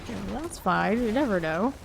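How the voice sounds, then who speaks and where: A woman with a gravelly, mid-range voice streams a video game, speaking at a normal speed in an animated way. She's chatty with her viewers, reads their comments aloud, and laughs often, with slight background noise present.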